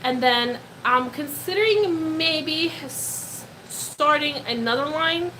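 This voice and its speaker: A young woman in her twenties chats on a live stream in a high voice that keeps breaking into laughter. Her tone is bright and a little edgy, and her voice is slightly worn. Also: slow, slight background noise. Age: 20s. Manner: gushing, excitable, laughs often. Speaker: pet-keeping live streamer. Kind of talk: casual live stream chat, reading comments.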